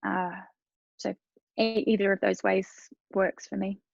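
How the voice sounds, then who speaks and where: A woman talking as a podcast guest, giving earnest and animated advice in a casual interview. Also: medium pitch, measured pace, gravelly, no echo, muffled recording.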